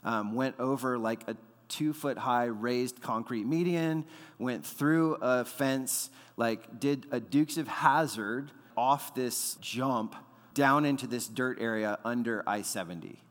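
A pastor in his thirties preaches in a relaxed, conversational way, repeating words and dropping in fillers as he goes. His voice sits at an ordinary pitch for a man. It rings out with a long reverb, as if from a large church hall. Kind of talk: sermon.

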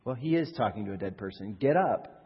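A man delivering a sermon with a husky edge, talking plainly to his congregation and pressing rhetorical questions as his fervor builds. His voice carries a long reverb from the church hall around him, and the recording sounds dull and lo-fi. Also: fairly low pitch, expressive, quick pace. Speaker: pastor.

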